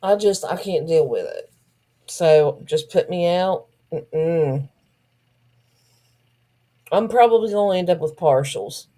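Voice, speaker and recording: A woman's voice: fairly low pitch, lively intonation, slow pace, long pauses, dark tone. A woman co-hosting a livestream, frank and joking. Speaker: co-host. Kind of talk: casual livestream chat.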